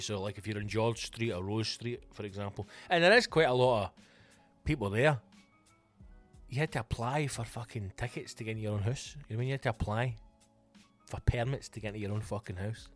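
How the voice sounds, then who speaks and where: A Scottish man hosting his own comedy podcast, ranting casually and swearing a lot. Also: lowish voice. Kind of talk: casual solo rant.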